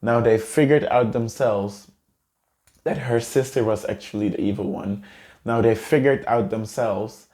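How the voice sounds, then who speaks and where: A man's voice: fairly low pitch, a little slow, darkish tone. A man earnestly and emotionally telling a personal story to camera in a vlog. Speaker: vlogger.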